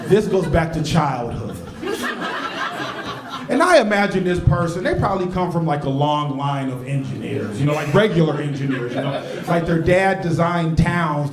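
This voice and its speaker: A man doing a live stand-up set in a comedy club, telling a story in an animated way. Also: fairly high pitch, normal speed, roomy sound, a crowd in the background. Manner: animated, storytelling, laughing at his own jokes.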